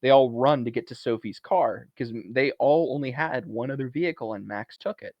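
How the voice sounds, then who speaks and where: A man co-hosting a podcast, retelling a film's plot in a casual, animated way. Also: medium pitch, a little fast, dry recording, dull audio. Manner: animated retelling, briefly acting out lines from a film. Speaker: podcast co-host. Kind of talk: casual movie recap chat.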